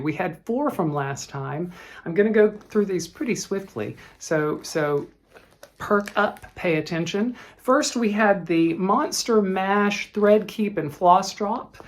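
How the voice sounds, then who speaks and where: A middle-aged woman hosting a cross-stitch vlog, chatty and heartfelt, often restarting her sentences. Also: mid-range voice. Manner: chatty, emotional, halting with restarts. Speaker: flosstube host.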